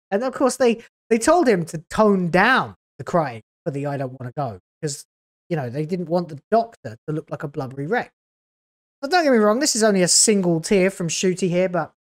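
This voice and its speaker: A woman hosting a video reaction, talking in a sarcastic, scathing way with exasperated groans. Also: medium pitch. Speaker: YouTube reaction host.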